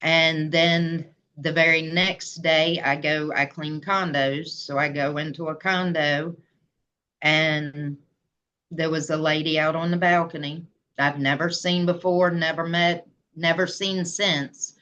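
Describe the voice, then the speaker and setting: A low-pitched woman speaking slowly and earnestly, recounting her story as an interview guest. Her voice is bright and forward, with a slightly dull, lo-fi recording. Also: steady tone. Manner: earnest, plain-spoken, voice rising when emotional. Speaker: guest, memoir author.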